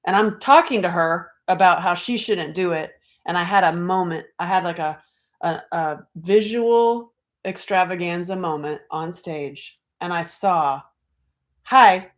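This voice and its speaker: A middle-aged woman from North Carolina, an author talking casually on a livestream, chatty and animated, acting out quoted voices. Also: fairly low pitch, a little slow. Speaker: author and speaker.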